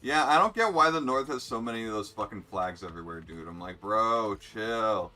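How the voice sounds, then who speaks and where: A man's voice: lowish voice, fast, bright, forceful tone, faint music behind. A young man live-streaming a racing game, chatting bluntly and sarcastically with viewers and swearing freely. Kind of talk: casual live-stream chat while gaming.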